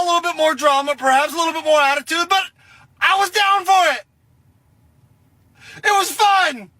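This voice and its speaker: A man ranting to camera in a comedic video, shouting and swearing in exasperation. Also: very high voice, no room sound.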